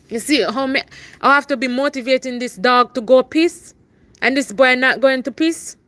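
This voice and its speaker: A young adult woman, chatting casually on a live stream and loudly urging her dog along between asides. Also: sits high, normal speed.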